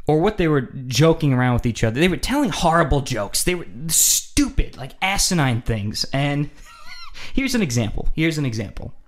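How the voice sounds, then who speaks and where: Animated man telling a comic story. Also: on the high side. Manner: animated, acts out scenes, repeats phrases for effect. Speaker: podcast host telling a story. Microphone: studio microphone.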